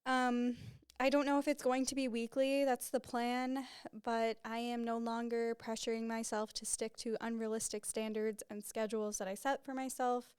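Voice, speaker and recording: Rambling and openly emotional, a young woman in her twenties chats casually on her solo podcast from a small studio with a white backdrop. Her slightly high, smooth, clear voice is close to the podcast microphone, and she speaks at a moderate pace in a dry, dead room with no room sound.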